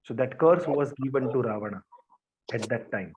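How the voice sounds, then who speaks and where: A man's voice: mid-range voice, animated, normal speed, a crowd in the background. A man telling a devotional story in simple, repetitive phrasing, often restarting his sentences. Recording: dull lo-fi recording.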